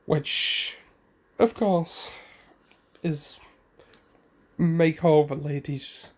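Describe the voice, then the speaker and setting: A man's voice: a little high, drawn-out words. A man casually retelling a fan story, rambling with fillers, self-corrections and the odd cough.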